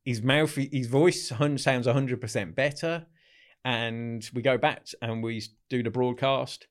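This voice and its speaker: A man telling anecdotes in a casual interview, acting out what others said in quick bits of dialogue. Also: mid-range voice, steady tone. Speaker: podcast guest.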